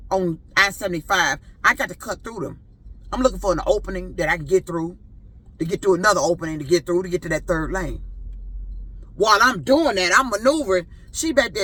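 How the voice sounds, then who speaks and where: A rideshare driver in their fifties vents in a storytime vlog. The voice is bright and slightly husky. It swoops animatedly through each profane, indignant complaint. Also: medium pitch. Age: 50s.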